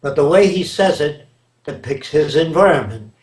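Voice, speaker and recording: An older man holds forth in an interview with a lecturing, emphatic delivery and a somewhat high voice. His words ring with a roomy echo around him, and he keeps checking whether his listener follows. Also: expressive, normal speed, darkish tone. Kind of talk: reflective interview answers.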